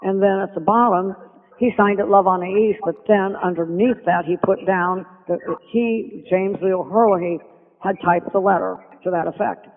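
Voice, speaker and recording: An older woman telling stories as a podcast guest, animated and acting out the voices of people she quotes. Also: medium pitch, moderate pace. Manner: animated storyteller who acts out quoted speech. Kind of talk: reminiscing interview storytelling. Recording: tinny phone line with long reverb.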